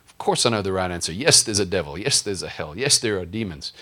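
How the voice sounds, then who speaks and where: A man's voice: low-pitched, lively intonation, fast talker, a bit bright. A male pastor preaching a sermon in a conversational, humorous way, often asking the congregation questions.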